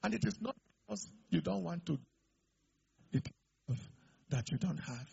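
A middle-aged man preaching a sermon, building up to shouted declarations. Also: high-pitched, animated, normal speed, gravelly, breathy edge, highs cut off. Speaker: pastor.

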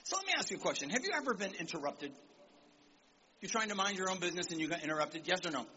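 Guy preaching to a youth crowd, high bright voice, kinda dull recording w faint hiss. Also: fast talker. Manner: animated, calls for amens, acts out quotes. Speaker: visiting preacher. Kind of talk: sermon to young people. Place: church service in Nigeria.

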